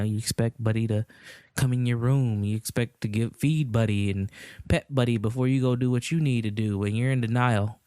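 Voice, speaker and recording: A man with a smooth, resonant voice, hosting a podcast and walking through ideas in an easygoing way. He leans on fillers and slips into acting out little quotes along the way. The recording is close and dry, with no room sound. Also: mid-range voice, a little mellow, dry recording. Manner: conversational, many fillers, acts out hypothetical quotes. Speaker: podcast host. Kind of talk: casual explanatory monologue.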